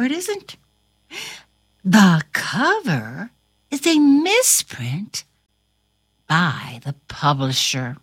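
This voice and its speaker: A woman's voice: fairly high pitch, fairly bright tone, breathy edge, no echo, clean studio sound. A woman reading a storybook aloud to a listener in a dramatic, theatrical way, dropping into whispers and bursting into exclamations. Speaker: storybook reader.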